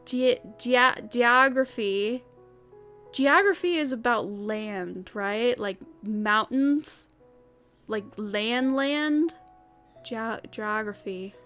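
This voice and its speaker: A woman's voice: a little high, animated, drawn-out words, a bit bright, faint music behind. A young woman chatting casually while streaming a game, rambling, stumbling over words and laughing often. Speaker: streamer playing a cleaning game. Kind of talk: casual livestream chat while gaming.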